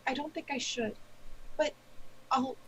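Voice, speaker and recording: A woman's voice: high voice, unhurried, fairly bright tone, slight background noise, rough recording. A woman voicing an anxious young witch student who stammers and pleads in a tabletop game. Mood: subdued.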